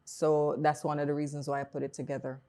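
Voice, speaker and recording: A woman's voice: sits low, completely flat delivery, fast, warm tone. A woman from Jamaica with a Jamaican accent, a poet explaining her work in a casual interview. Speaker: poet guest.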